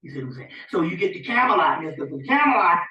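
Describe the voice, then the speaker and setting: A man giving a rambling, animated informal spiritual lecture to a small audience, often checking in with his listeners. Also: high-pitched, fast. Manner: rambling, animated, often asks "you see what I'm saying". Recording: dull, echoey room recording from a distance.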